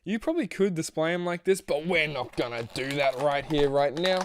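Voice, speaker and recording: A man with an Australian accent, joking and getting excited as he unboxes and reviews a collectible figure. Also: on the high side, fairly quick, background noise. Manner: goofy, jokey, excitable. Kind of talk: casual unboxing chat.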